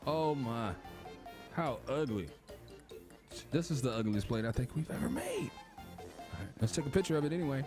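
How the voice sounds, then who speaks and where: Over loud game music, a man narrates a cooking game for his viewers, getting flustered and panicky. This gaming YouTuber has a slightly high, expressive voice and a measured pace marked by long pauses in his casual commentary.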